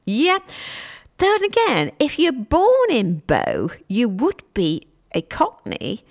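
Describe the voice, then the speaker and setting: A woman's voice: fairly high pitch, wildly swooping pitch, takes it slowly. A woman from Stoke-on-Trent presenting a radio show, chatting casually and mocking herself as she tells stories. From Stoke-on-Trent, England. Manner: chatty, self-mocking, storytelling.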